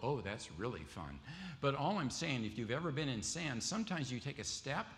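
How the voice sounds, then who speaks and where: A man's voice: medium pitch, very animated, moderate pace. A man preaching a sermon to a congregation, telling stories and quizzing the audience with questions. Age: adult with wife and kids. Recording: long hall reverb, faint ambience.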